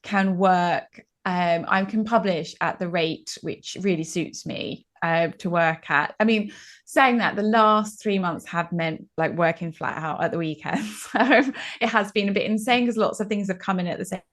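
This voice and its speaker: A woman author, chatting as a guest in an interview, quick and laughing often. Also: on the low side, fairly bright tone. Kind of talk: casual interview chat.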